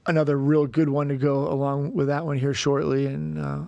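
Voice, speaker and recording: A man with a fairly high voice talks casually on a podcast, recorded close and dry. He often stalls and restarts his sentences as he speaks. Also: flat delivery, gravelly, darkish tone, no room sound, muffled recording. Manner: halting, stammers and restarts when moved. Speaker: company CEO guest.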